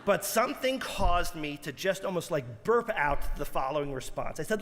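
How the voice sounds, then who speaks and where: A man giving a holiday sermon as a rabbi, an animated storyteller who acts out quoted outbursts in his stories. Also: on the high side, normal speed. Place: large synagogue sanctuary. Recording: reverberant sanctuary.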